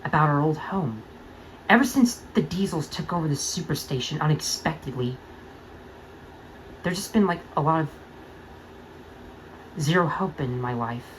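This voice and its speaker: A woman voicing a gloomy young male steam engine in a fan-made audio drama, speaking low, with sighs and hesitant pauses. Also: expressive, slight background noise, rough recording. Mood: worried.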